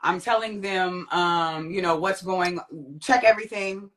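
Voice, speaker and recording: A young woman with a lowish voice recounts a personal ordeal as a guest. She tells it vividly, leaping up in pitch whenever she acts out what someone said. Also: steady tone, measured pace, fairly bright tone. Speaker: guest sharing a testimony. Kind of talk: personal storytelling.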